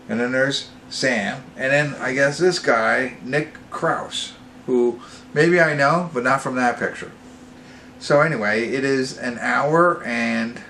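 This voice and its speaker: Casual male reviewer, rambling and self-correcting, mid-pitched voice, faint room ambience behind. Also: slight background noise. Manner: meandering, self-correcting, gets excited. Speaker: movie reviewer, channel host.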